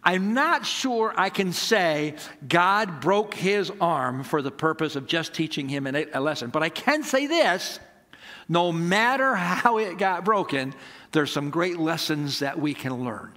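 A man's voice: fairly high pitch, a little slow, pushed and bright, big-room sound. A middle-aged male pastor giving a conversational sermon, asking rhetorical questions and acting out dialogue from his stories.

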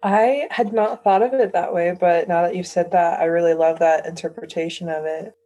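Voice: mid-range voice, steady tone, normal speed, dark tone, muffled recording. Hesitant, chatty poetry discussion voice. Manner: hesitant, many restarts and likes. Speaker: discussion participant.

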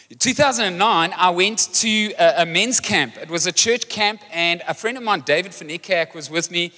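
A man preaching a sermon as pastor, animated and joking as he tells a story. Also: sits high. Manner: energetic, animated storytelling with jokes. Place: large church hall. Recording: live church hall reverb with music.

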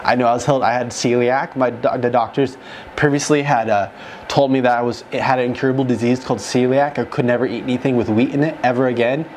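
A young man telling an emotional testimony in a group conversation, excited and rushed, full of "like", into a handheld mic. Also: mid-range voice, slight background noise. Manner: excited, rushed, fills speech with "like". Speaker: guest telling his near-death story. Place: room with other men holding mics.

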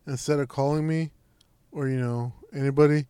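Young guy, casual storyteller, swears a lot, bit high-pitched, dead-dry mic. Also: moderate pace, smooth, no room sound. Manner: rambling, profane, animated retelling with lots of "I'm like". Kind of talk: casual chat.

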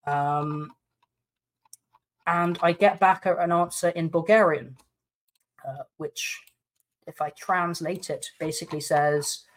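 A man's voice: on the high side, steady tone, takes it slowly, long pauses. A man from the UK, a podcast guest who indignantly recounts a personal dispute and reads out emails aloud.

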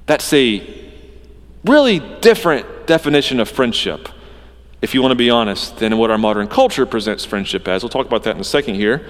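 Male preacher, high voice, sermon, earnest, emphatic, long reverb of a hall. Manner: earnest and emphatic, swinging between loud stresses and quiet drops.

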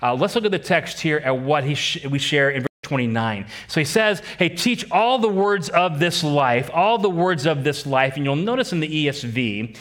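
A man's voice: a little high, expressive, moderate pace, hardly any pauses, fairly bright tone. A man preaching a sermon as a pastor, emphatic and repeating key phrases, putting questions to his congregation.

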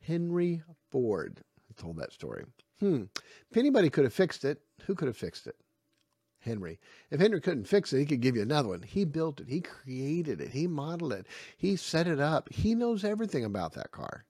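A man giving a spoken Bible lesson to parents. He is animated and acts out the dialogue in his stories. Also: a little high, moderate pace, breathy edge, no echo, clean studio sound. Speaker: family Bible teacher.

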